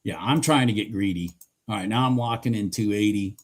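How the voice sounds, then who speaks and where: A man doing live commentary on his day trades, hoarse and clearing his throat, cheering the chart on and swearing casually. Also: fairly low pitch, a little fast.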